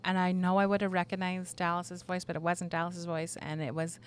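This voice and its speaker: A woman's voice: on the low side, flat delivery, brisk, few pauses, clear, resonant tone. A woman co-hosting a casual podcast, recounting a strange experience in a chatty way full of "like" and "you know". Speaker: podcast co-host. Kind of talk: casual storytelling chat.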